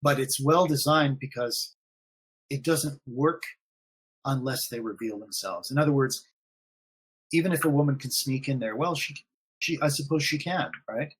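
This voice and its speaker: A man's voice: medium pitch, moderate pace, slightly rough. A man talking casually on a live stream, rambling and repeating himself with many fillers. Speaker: forum admin guest.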